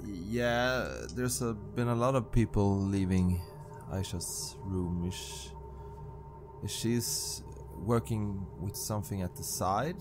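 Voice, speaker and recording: A male game master with a very low voice, unhurried and hesitant, filling his scene descriptions with uh's. Soft music sits faintly in the background. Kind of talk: narrating a tabletop game.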